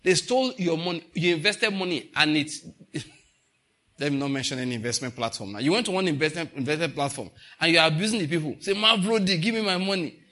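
Middle-aged Nigerian male preacher, slightly high pitch, emphatic and repetitive sermon delivery. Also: lively intonation, fast. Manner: emphatic, repeats lines, rises to loud bursts. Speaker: pastor.

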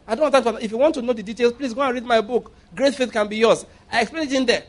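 High-voiced emphatic preacher man. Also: rapid-fire. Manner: emphatic, repeats phrases, rhetorical questions. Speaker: pastor. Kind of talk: sermon.

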